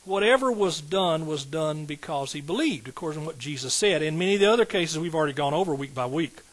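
A man's voice: a little high, animated, fast talker, rough recording. A middle-aged man, a pastor preaching a sermon in an emphatic call-and-response style with rising outbursts.

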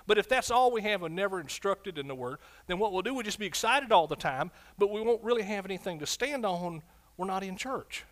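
A man preaching a fervent sermon as pastor, swinging from loud shouts to quiet, low asides. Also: expressive, fairly quick.

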